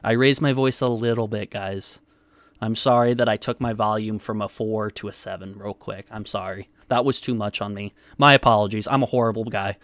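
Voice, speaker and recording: Dude streaming, defensive and cussing at chat, dry sound. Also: male voice, fairly low pitch, fairly even intonation, a little fast, no room sound. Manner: defensive, swears often, reads chat aloud. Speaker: livestream host. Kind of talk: casual livestream commentary.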